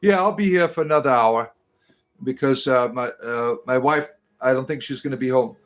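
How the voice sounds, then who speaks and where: Reading chat on a casual livestream, a man from Detroit, Michigan responds to viewer comments in a hesitant, rambling way, full of fillers and restarts. He has a mid-range voice and a moderate pace.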